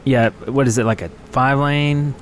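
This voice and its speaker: A man's voice: mid-range voice, fairly even intonation, normal speed, a little hiss or hum. A man co-hosting a casual podcast chat, laid-back and easily amused. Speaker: podcast co-host.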